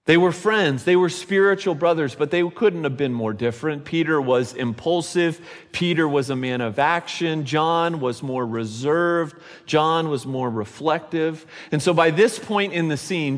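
A man preaching a sermon at a slow, deliberate pace, his earnest and reflective delivery leaning on repetition for emphasis. His voice sits a little high for a man. It rings out with a long reverb, as in a church sanctuary. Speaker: pastor. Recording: reverberant hall.

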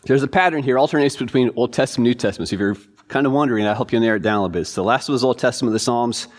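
A man's voice: medium pitch, very fast. Chatty man quizzing his church class. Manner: informal, chatty, quizzing the audience. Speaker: pastor. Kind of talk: casual Bible class teaching.

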